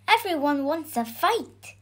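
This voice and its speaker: A woman's voice: big pitch swings, takes it slowly, fairly bright tone, exaggerated voice. Woman doing an eager little storybook boy. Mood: earnest. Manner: high, urgent and breathless.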